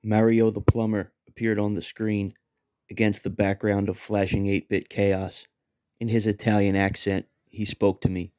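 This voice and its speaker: A man in his thirties narrating a story in a deadpan, wry, profane way. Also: lowish voice, normal speed, no room sound, clean studio sound. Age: 30s.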